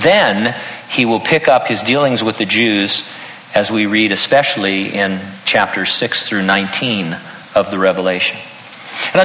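A man's voice: medium pitch, pushed and bright, roomy sound, long reverb tail, low-quality recording. An older man preaching a sermon as pastor, earnest with touches of self-deprecating humor.

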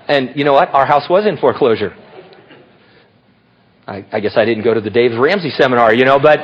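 A middle-aged pastor preaches a sermon in a husky, mid-range voice, telling stories with brisk animation and acting out the voices he quotes. The recording is dull and lo-fi.

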